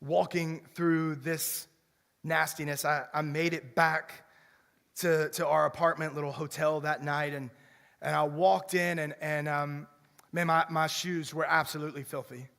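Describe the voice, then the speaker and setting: High-voiced pastor preaching in a church hall. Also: male voice, measured pace, creaky. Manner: animated preaching, repeats words as he restarts. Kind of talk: sermon. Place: church sanctuary. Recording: long reverb of a church hall.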